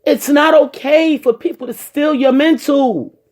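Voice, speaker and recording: A woman's voice: sits high, a little slow, a little mellow. A woman giving a heartfelt personal talk, speaking directly to her listeners and repeating her points with emphasis. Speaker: personal storyteller addressing viewers.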